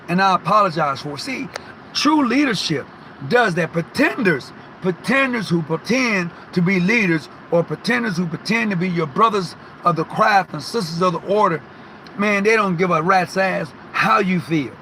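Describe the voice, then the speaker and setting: A man giving an informal motivational talk to fellow lodge members, telling a personal story emphatically, repeating words and often clearing his throat. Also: high voice, pushed and bright, slight background noise, low-quality recording. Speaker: Masonic lodge speaker.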